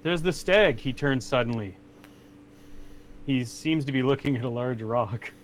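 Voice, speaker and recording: A man's voice: medium pitch, steady tone, a little hiss or hum. A man narrating a tabletop game as game master, casual and swearing. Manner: casual, swears, voices characters in quick asides.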